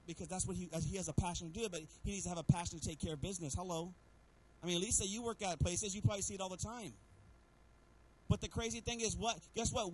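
A man's voice: sits high, low-quality recording. A middle-aged man preaching as a pastor, telling stories with humor and calling out to the congregation again and again. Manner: animated preaching with repeated calls to the congregation; storytelling with humor. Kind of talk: sermon.

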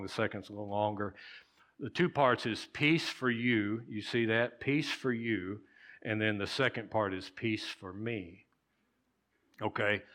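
Bright-voiced man preaching a casual sermon. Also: mid-range voice. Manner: conversational, repeats key phrases, frequent "okay?" check-ins. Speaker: pastor.

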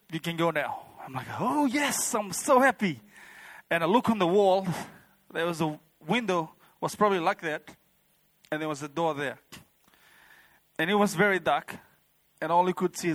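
A man's voice: fairly high pitch, fairly bright tone, no room sound. A man telling a personal testimony to a church congregation, rambling and heartfelt, with many fillers like "you know" and "like". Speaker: church member giving a testimony.

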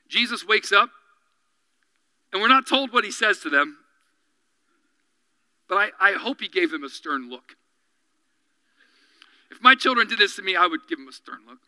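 A man preaches with a strikingly high, piercing voice that cuts through clearly. He swings from animated delivery to hushed, intense asides, acting out little voices as he goes. The sound is dry, with no room around it. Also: moderate pace, long pauses, no room sound, rough recording. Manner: acts out quoted voices and dialogue. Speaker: pastor. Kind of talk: sermon.

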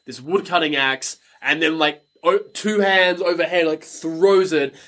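Excitable young man, bright voice. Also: a little high, unhurried. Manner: excitable, sweary, lots of "like". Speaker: podcast co-host. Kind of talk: casual film recap chat.

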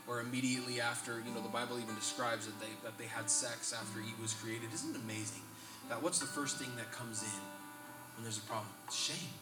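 A man preaching a sermon to a live gathering. He reads scripture aloud and builds to loud, emphatic peaks. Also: mid-range voice. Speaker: pastor. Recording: roomy hall, distant mic, live guitar behind. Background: soft guitar playing.

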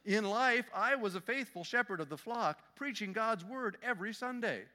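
A man puts on a pompous minister whose voice rises high and sharp as he protests, aggrieved and self-important. The sound rings with a long church reverb. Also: animated, moderate pace. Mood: outraged. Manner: outraged, complaining.

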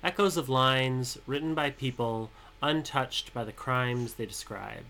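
A man co-hosting a podcast, joking dryly and then reading his own political poem in a measured way. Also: mid-range voice, bright, forceful tone. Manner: dry, teasing, measured when reading. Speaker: podcast co-host and poet. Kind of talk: casual chat and poetry reading.

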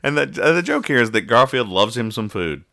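A man's voice: medium pitch, big pitch swings, a little fast, vocal fry, bright, forceful tone, dry recording, clean studio sound. A man hosting a casual podcast where he reads the comics, rambling and joking with many restarts. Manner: rambling, jokey, stumbles and restarts. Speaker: podcast host. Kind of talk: casual comic-reading chat.

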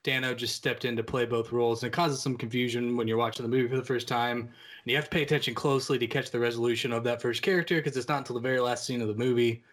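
A man's voice: mid-range voice, fairly even intonation, racing, a bit bright. Easygoing man steering a film chat. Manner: agreeable, steers the conversation. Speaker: podcast co-host. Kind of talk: casual film discussion.

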